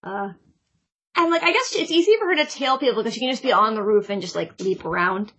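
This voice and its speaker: A woman's voice: fairly high pitch, lively intonation, brisk, a bit bright, husky. A woman co-hosting a podcast in casual chat, retelling a manga chapter and reading its lines aloud. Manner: reads character dialogue aloud in a light, chatty way. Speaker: podcast co-host.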